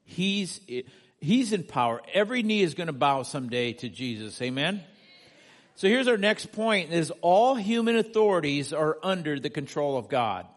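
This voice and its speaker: A man's voice: fairly high pitch, sing-song, normal speed. A male pastor preaching a sermon from the United States, earnest, building to emphatic peaks and asking the congregation questions.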